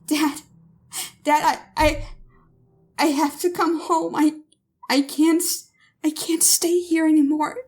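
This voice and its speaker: A woman's voice: high voice, steady tone, extremely slow, pauses often, bright, forceful tone, exaggerated voice. A woman voicing a terrified young woman who cries, stammers and pleads. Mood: panicked crying. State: crying.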